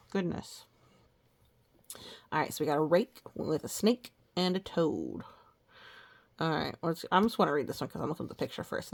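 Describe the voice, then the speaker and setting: A woman reading old children's rhymes aloud, stopping to gently explain the lessons and pictures. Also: lowish voice.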